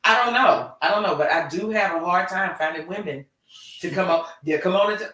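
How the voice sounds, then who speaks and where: A woman hosting a live talk show in casual chat. She is animated and expressive, swinging between loud and soft. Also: on the low side, fairly quick. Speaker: host. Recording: echoey room, distant mic.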